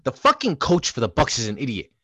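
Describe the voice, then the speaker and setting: A man's voice: medium pitch, huge pitch swings, fairly quick, fairly bright tone, husky, no room sound. A young man co-hosting a podcast, ranting heatedly and profanely in a sports debate. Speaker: podcast co-host.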